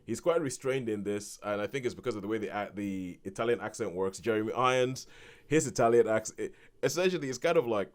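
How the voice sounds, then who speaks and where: A man giving a casual spoken film review on a podcast, rambling with many restarts and turning animated when he quotes people. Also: fairly low pitch, fast.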